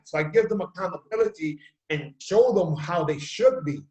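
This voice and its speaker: A man hosting a casual video chat, an animated storyteller who acts out the quotes he tells. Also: fairly high pitch, normal speed, highs cut off. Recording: echoey room.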